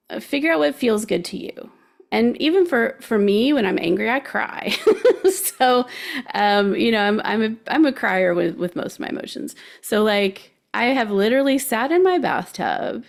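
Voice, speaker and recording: A woman's voice: a little high, gravelly. A woman hosting a guidance show, talking through emotions in a chatty, encouraging way and laughing easily. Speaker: show host giving life guidance. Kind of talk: casual coaching talk.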